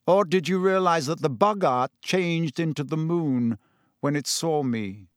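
A man reading an audiobook voices a calm, weary middle-aged male teacher who speaks in a measured, patient way. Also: a little high, no room sound, clean studio sound, lightly acted.

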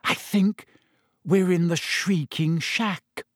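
A clever teenage schoolgirl witch, as a male reader puts her on, whispers in a breathless, frightened hush. Her voice sits well above the reader's own and sounds thinner and unlike his usual tone, in a dry, close recording. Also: high-pitched, steady tone, slow, no room sound, voice pushed up. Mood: whispering.

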